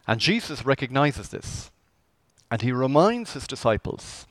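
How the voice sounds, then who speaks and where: Pastor preaching with lively pitch. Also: male voice, unhurried, dry recording. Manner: lively, conversational preaching with rhetorical questions. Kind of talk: sermon.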